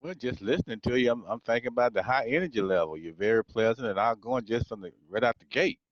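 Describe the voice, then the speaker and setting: A man's voice: medium pitch, lively intonation, quick pace, muffled recording. A man taking part in a coaching session, answering easily and thinking aloud. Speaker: session participant. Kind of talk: answering a question in a call.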